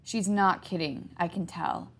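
A woman voicing an impatient, protective teenage boy who shouts urgently in a horror story. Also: on the low side, fairly even intonation, a little slow, creaky.

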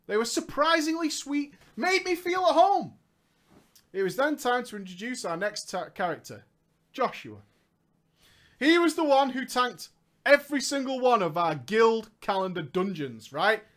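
A man's voice: very high voice, a bit bright. A young man telling a comedic gaming story in a sarcastic, joking manner, often laughing.

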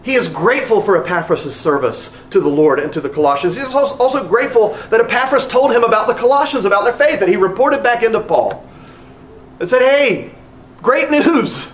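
A pastor preaching with a high voice that leaps up and down in pitch. He presses his points earnestly, repeating phrases for emphasis. His voice rings in a roomy, echoey sanctuary. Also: lively intonation, quick pace, a little hiss or hum. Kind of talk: sermon.

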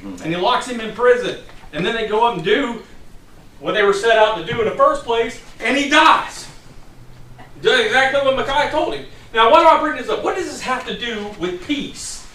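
High-voiced man preaching in an echoey hall. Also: normal speed, sharp tone. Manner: conversational preaching with storytelling asides. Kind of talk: sermon. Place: church hall. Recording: echoey hall, distant mic.

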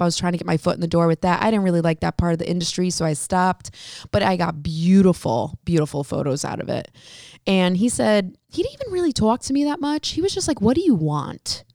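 Lively woman telling stories, acting out dialogue. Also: fairly low pitch, fast talker, vocal fry, no room sound, clean studio sound. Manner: lively storyteller who acts out quoted dialogue. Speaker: hairstylist and salon owner, guest. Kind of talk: casual storytelling interview.

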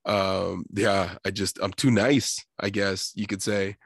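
A young adult man in casual chat, laughing often and telling stories with lively quoted voices. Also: deep voice, slow, creaky, slightly rough, dry recording, clean studio sound.

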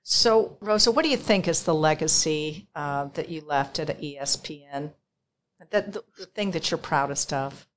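Woman, interviewer, low pitch, admiring, faint hiss. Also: moderate pace. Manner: warm, admiring, encouraging. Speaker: interviewer, host. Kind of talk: interview questions.

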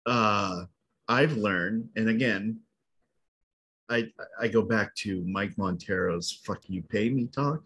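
A man's voice: fairly low pitch, slow pace, a bit bright, slightly rough. A man hosting an interview, asking hesitant, meandering questions full of fillers. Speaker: interview host. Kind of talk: conversational interview.

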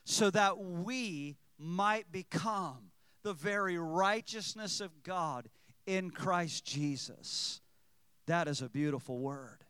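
A man's voice: on the high side, a bit bright, clean tone, no room sound. A man preaching a sermon, reading scripture aloud and calling out to his congregation. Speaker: pastor.

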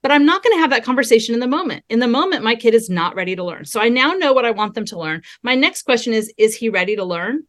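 A woman's voice: a little high, sing-song, fast, few pauses, a bit bright. A woman speaking as the expert guest on a podcast interview, explaining things earnestly and often restarting her sentences.

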